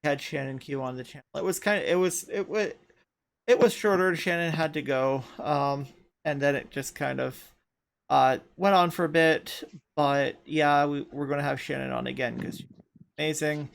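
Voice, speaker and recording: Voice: mid-range voice, moderate pace, gravelly. A podcast host from Canada who says they are tired, chatting casually and rambling with frequent laughs. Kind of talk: casual chat.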